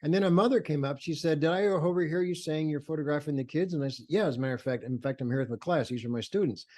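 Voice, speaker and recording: A man's voice: on the high side, fast talker, darkish tone. Enthusiastic older man telling photo stories. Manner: enthusiastic, acts out quoted voices, many fillers and restarts. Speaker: photographer, interview guest. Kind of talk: animated storytelling in conversation.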